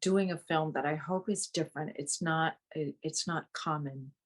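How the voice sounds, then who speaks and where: A woman's voice: low-pitched, normal speed. A woman from Vietnam, an actress being interviewed, talking casually and laughing often, with no accent. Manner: chatty, laughs often between phrases.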